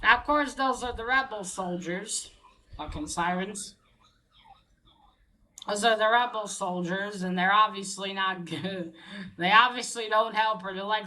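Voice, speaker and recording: Woman, slow unhurried delivery, bright voice, casual plot recap, halting with fillers. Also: medium pitch, poor audio. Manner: halting, many fillers and restarts. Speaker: comic book reviewer.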